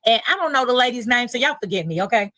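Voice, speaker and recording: A woman's voice: on the high side, animated, quick pace, pushed and bright, dry recording, low-quality recording. A woman on a livestream recapping a dispute and questioning a guest directly. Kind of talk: casual livestream chat.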